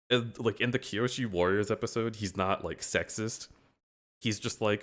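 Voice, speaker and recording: A man's voice: on the low side, normal speed, fairly bright tone. A man hosting a livestream, casually retelling scenes and acting out the characters he quotes. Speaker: livestream host. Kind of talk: casual chat.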